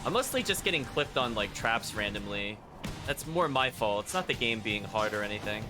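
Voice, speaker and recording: Over game music, this streamer speaks in a lowish voice with lively intonation at normal speed. Using a headset mic, he analyzes his in-game choices in a chatty, casual way, often dropping fillers such as "like."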